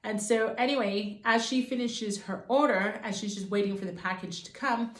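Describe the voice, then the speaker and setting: A woman's voice: mid-range voice, normal speed. A woman telling a personal faith testimony to her viewers in an earnest, fervent way. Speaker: Christian vlogger. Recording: roomy echo.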